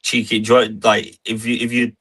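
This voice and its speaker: A young man, a wrestler guest on a podcast, chatting in an easygoing, halting way. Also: mid-range voice, monotone, a bit bright. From England. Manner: easygoing, halting, with many restarts. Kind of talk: casual chat.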